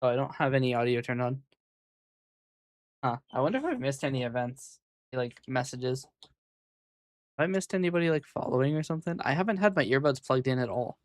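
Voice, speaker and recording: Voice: mid-range voice, lively intonation, a little fast, long pauses, no room sound, studio quality. A VTuber streamer chatting casually on a live stream, rambling and hesitant, often muttering to themself.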